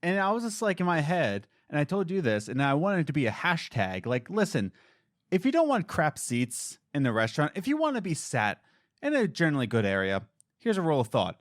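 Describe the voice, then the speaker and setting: A man co-hosting a casual gaming podcast, joking and telling stories with lively voice changes. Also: a little high, dry recording, studio quality. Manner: animated, jokey, quick voice changes. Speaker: podcast co-host. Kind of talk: casual chat.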